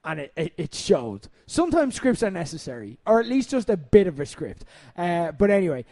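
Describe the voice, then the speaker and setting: Young Irish male podcast host with a high voice: animated, sweary storyteller, recorded dry and close. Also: a little fast, no room sound. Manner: animated storyteller, swears freely, laughs often. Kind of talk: casual comedic podcast talk.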